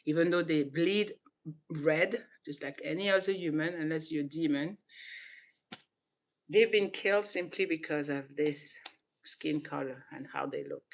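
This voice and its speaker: A woman from Senegal who grew up in southern France hosts her own channel and talks casually to camera. She gets animated, laughs often and restarts her sentences. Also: low voice, unhurried. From Senegal, raised in southern France. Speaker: channel host.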